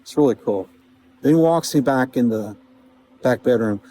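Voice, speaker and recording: A man vlogging outdoors, telling a vivid personal story in a casual, halting way, with quoted dialogue. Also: medium pitch, dark tone, a little hiss or hum, poor audio. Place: outdoors outside a small-town grocery store.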